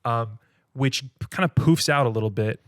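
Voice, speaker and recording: A man in a casual movie-review chat walks through a film's scenes with animated storytelling. His voice sits at a middle pitch and is recorded close on a dry mic, and he breaks into laughter often. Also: normal speed, no room sound. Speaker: podcast co-host.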